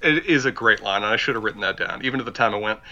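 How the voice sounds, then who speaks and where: A man's voice: fairly low pitch, very fast, bright, forceful tone. A man co-hosting a casual podcast, chatting and reading lines from a show aloud. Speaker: podcast co-host. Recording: dull lo-fi mic.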